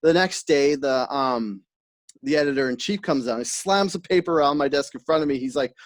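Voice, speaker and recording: A man's voice: mid-range voice, moderate pace, dry recording. Laid-back man telling a podcast story. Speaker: podcast guest. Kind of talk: casual chat.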